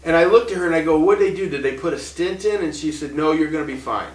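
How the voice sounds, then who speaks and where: A man's voice: on the high side, fast talker, roomy sound, far from the mic, rough recording. A man in his thirties telling his own story in a casual, rambling way, full of restarts and short laughs. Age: 30s.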